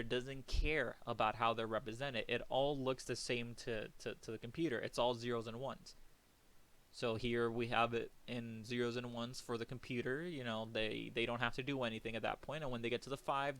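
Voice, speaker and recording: Casual young man teaching code. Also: medium pitch. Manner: casual and talky, thinks aloud and counts out loud. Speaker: programming instructor. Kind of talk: recorded screen-share coding lecture.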